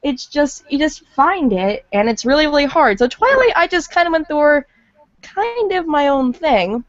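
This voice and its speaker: A woman's voice: high voice, very animated, moderate pace, no echo. A woman who is a fan voice actor, chatting casually and rambling a bit, on dull lo-fi audio. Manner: chatty, rambling, self-deprecating. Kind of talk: casual podcast chat.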